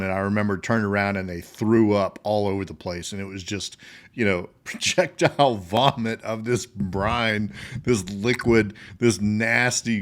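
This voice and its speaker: A middle-aged American man, a veteran hosting his own show, tells funny army stories casually, laughing often and filling with "um" and "you know". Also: fairly low pitch. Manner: laughs while telling stories, many fillers. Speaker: podcast host, army veteran. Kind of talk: casual storytelling.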